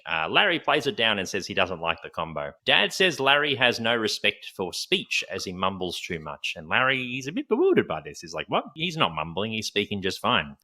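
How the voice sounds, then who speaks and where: A man's voice: on the low side, bright, forceful tone. A man co-hosting a podcast, recapping a TV episode scene by scene in casual chat and laughing often. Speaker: podcast co-host.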